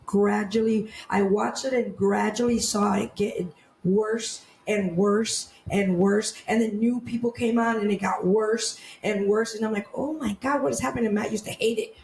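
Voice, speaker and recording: A woman's voice: mid-range voice, steady tone, a little slow, creaky, darkish tone, a little hiss or hum. A woman co-hosting a podcast in casual chat, laughing often and repeating words as she tells stories. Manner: chatty, laughing, repeats words while storytelling. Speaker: podcast co-host. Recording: echoey room with faint ambience.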